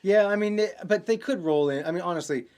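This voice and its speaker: A man's voice: high-pitched, fast talker, a little mellow. A man co-hosting a tech chat show, telling a story in a rambling, casual way with many restarts. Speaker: podcast co-host.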